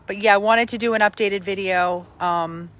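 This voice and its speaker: A woman hosting a casual live stream for a dog rescue from outdoors on her phone, greeting viewers by name and breaking into high sing-song baby talk with the dogs. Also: steady tone, moderate pace, a bit bright. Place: outdoors in a yard.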